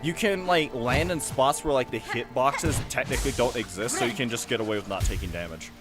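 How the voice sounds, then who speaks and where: A man's voice: medium pitch, fairly quick. Uk guy playing a game and cracking up, chatty, game music behind him. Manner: giggly, chatty, easily amused. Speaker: gaming video host. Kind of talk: casual gameplay commentary.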